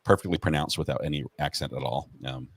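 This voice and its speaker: A man's voice: very deep voice, fast, vocal fry, breathy edge, dry recording. A man co-hosting a casual talk show, telling stories animatedly. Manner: animated storytelling with bursts of laughter. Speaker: co-host. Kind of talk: casual chat.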